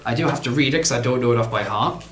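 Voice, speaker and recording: A man's voice: medium pitch, racing, echoey room. A man, answering viewer questions in a casual vlog, chatty and rambling, poking fun at himself. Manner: chatty, rambling, self-deprecating.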